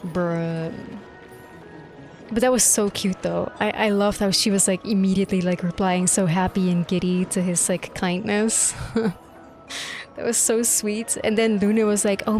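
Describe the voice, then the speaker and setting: A young woman streamer reacting live to a game, excitable and gushing, swearing freely. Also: medium pitch. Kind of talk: live gameplay reaction commentary. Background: faint game music.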